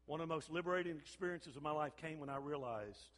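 An older man, a pastor, preaching a sermon with animated storytelling and repeated phrases. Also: fairly high pitch, fast. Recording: long hall reverb.

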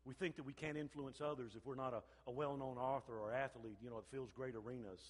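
An older man, a pastor, preaching a sermon with animated storytelling and repeated phrases. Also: medium pitch, fast talker. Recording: long hall reverb.

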